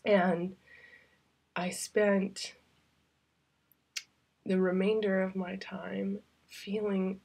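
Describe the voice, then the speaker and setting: A woman's voice: medium pitch, level tone, extremely slow, vocal fry, pauses often, a little mellow, slightly rough. A woman vlogger telling a personal story to the camera, heartfelt and confiding, with loose rambling phrasing that sometimes sinks to a near-whisper. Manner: loose, rambling, with many fillers. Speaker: travel vlogger.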